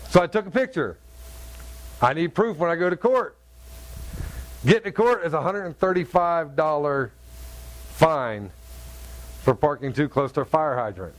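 A middle-aged man preaching a sermon in an animated storytelling way, acting out the voices in his story. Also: on the high side.

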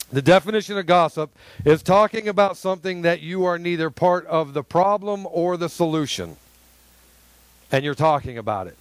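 A male pastor preaching a sermon in an emphatic, conversational way with sudden loud bursts. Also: high-pitched, no room sound.

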